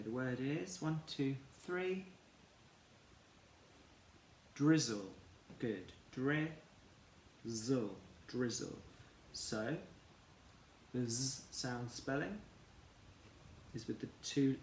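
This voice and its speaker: Male teacher, slow, deliberate sounding-out of words for young learners, echoey room, faint background hum. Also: mid-range voice. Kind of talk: phonics lesson for children.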